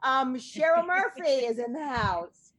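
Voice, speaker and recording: A woman's voice: sits high, big pitch swings, unhurried, a bit bright. Chatty woman podcast host. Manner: chatty, rambling, lots of ums. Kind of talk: casual chat show introductions.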